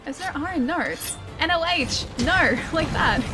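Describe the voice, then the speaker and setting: An Australian woman streams a game, her voice sitting a little high as she chats playfully and laughs often between gameplay calls. Loud game music plays behind her throughout. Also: expressive, drawn-out words, pauses often. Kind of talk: live gameplay commentary, reading chat aloud.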